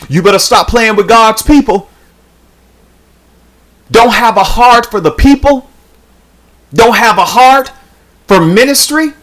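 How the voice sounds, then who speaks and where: A woman YouTube commentator talking straight to her viewers, with the emphatic cadence of a sermon and lots of repeated phrases. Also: fairly high pitch. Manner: casual, colloquial address to viewers. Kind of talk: preachy social commentary.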